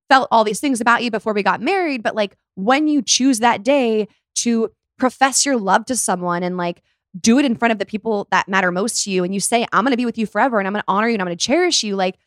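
A woman's voice: fairly high pitch, no echo, studio quality. A young woman co-hosting a casual chat, talking freely with many "like" fillers. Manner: chatty, lots of "like" fillers. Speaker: podcast co-host.

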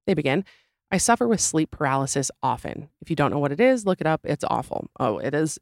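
A woman's voice: sits low, big pitch swings, fast, creaky, a little mellow, no echo, studio quality. Chatty woman podcast host with sore throat. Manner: chatty, rambling asides and self-deprecating jokes. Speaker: podcast host reading listener stories. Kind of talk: casual podcast chat and story reading.

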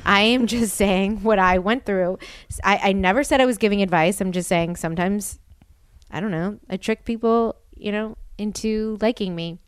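Young female podcast host, filler-heavy casual chat, crisp and dry. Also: medium pitch, normal speed, no room sound. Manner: chatty, filler-heavy with lots of "like".

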